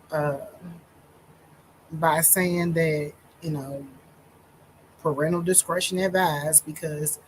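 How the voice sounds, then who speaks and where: Slow-talking woman holding back tears. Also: sits low, slight background noise, low-quality recording. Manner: slow, deliberate talk with many pauses and fillers. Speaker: minister. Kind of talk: personal storytime monologue.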